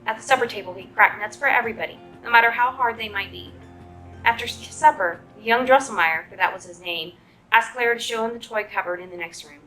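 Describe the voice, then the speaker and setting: A woman librarian reading a children's story aloud in a clear, expressive storytelling manner. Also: fairly high pitch, fast talker, soft background music, low-quality recording.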